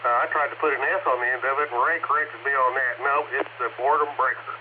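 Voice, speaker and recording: A man's voice: medium pitch, steady tone, fast talker. A man from Oklahoma checking in to an amateur radio net, chatty as he tells a light story. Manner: chatty, telling a light anecdote. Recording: tinny radio transmission with clear hiss.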